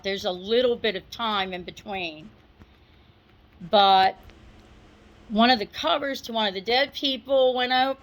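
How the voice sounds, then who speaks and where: A middle-aged woman recounting a personal memory to an audience in an unhurried, conversational way, with asides and small laughs. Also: fairly high pitch, rough recording. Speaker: storyteller. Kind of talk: personal recollection, told to an audience.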